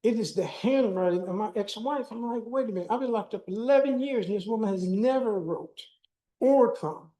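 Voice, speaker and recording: A man's voice: sits high, moderate pace, mellow, poor audio. An older man giving a keynote talk, telling a personal story and acting out the dialogue. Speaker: keynote speaker. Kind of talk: personal testimony speech.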